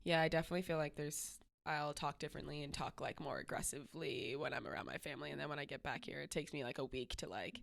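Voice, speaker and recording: A woman's voice: low-pitched, fast, creaky, fairly bright tone, slight background noise. A woman from the Boston area co-hosting a podcast, talking in a direct, casual way with lots of fillers. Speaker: podcast co-host. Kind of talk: casual chat.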